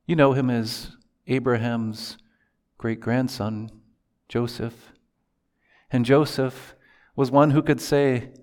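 A man's voice: medium pitch, fairly even intonation, slow, long pauses, darkish tone. A male pastor preaching a sermon in an earnest manner, quoting prayers from scripture.

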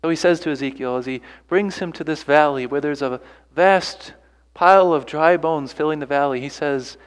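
A man's voice: fairly high pitch, normal speed, big-room sound. A man preaching a sermon earnestly, pressing his listeners with rhetorical questions and repeated phrases. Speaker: pastor.

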